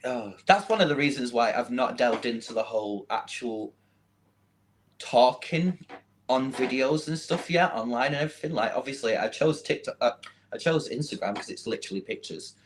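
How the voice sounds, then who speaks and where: A man's voice: medium pitch, animated, normal speed, slight background noise. Giggly Mancunian man, chatty. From Manchester, England. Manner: giggly, self-deprecating, laughs often. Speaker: podcast guest. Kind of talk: casual chat.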